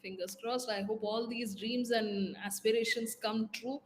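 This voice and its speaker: A woman's voice: a little high, fairly even intonation, a little slow, a little hiss or hum. A woman hosting an interview, asking polite, carefully structured questions. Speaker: interview host.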